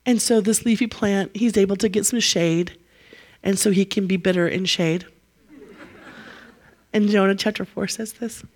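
Lively woman preaching a sermon. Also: medium pitch, normal speed, pauses often. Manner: lively storytelling, acts out quotes with laughs.

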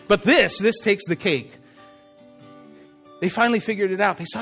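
Male pastor, high voice, animated conversational sermon delivery. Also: moderate pace, soft background music. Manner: animated, swings from soft to emphatic. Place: church.

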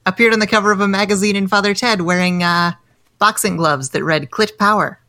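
A woman's voice: mid-range voice, fairly even intonation, brisk, sharp tone, no echo, clean studio sound. An American woman in her thirties, a comedian chatting casually as a podcast guest, self-deprecating and full of restarts. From United States.

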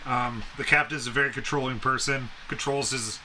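A young man co-hosting a podcast, chatting casually about a film and acting out scenes in animated voices. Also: medium pitch, moderate pace, slight background noise, low-quality recording. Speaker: podcast co-host. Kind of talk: casual movie-review chat.

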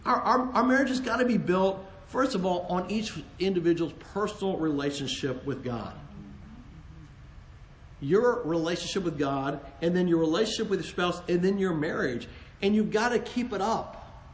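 A man's voice: sits high, moderate pace, roomy sound, a little hiss or hum. A man co-hosting a Christian talk on marriage, earnest and joking, often restarting his sentences. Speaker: co-host, married couple ministry.

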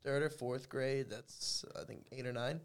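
A man's voice: mid-range voice, steady tone, measured pace, clear, resonant tone. A man in his thirties, a podcast guest, telling crude stories bluntly in casual chat. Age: 30s.

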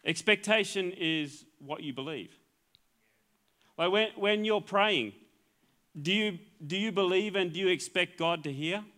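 High-voiced Australian pastor preaching. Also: male voice, unhurried, sharp tone. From Queensland, Australia. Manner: earnest, repeats words and restarts phrases. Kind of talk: sermon.

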